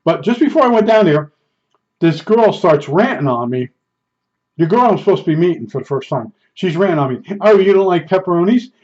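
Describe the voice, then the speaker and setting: A man's voice: a little high, lively intonation, brisk, a little mellow. A man telling stories in a casual, rambling, self-deprecating way, chuckling as he goes. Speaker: storyteller. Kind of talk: casual storytelling. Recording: dull lo-fi recording.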